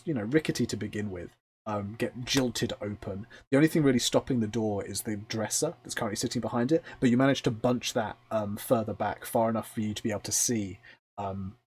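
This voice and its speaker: A man narrating as game master of a tabletop role-playing game, describing scenes in a relaxed storytelling way with fillers. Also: on the low side, breathy edge.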